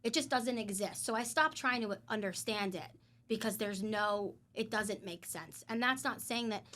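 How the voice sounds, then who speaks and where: A woman guest in a casual podcast conversation, telling personal stories in an animated way and acting out what people said. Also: medium pitch, normal speed. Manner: animated storyteller, acts out quotes, emphatic.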